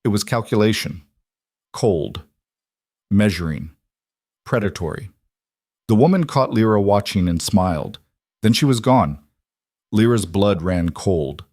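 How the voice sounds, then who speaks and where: A man narrating a scripted fantasy story in a dramatic, steady way. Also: fairly low pitch, measured pace, pauses often, no echo, clean studio sound.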